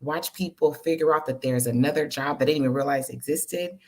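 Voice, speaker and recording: A woman's voice: sits low, fairly quick, darkish tone. A woman guest on a live-streamed interview, talking candidly and with animation, laughing easily. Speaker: guest, entertainer and producer. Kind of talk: casual interview talk.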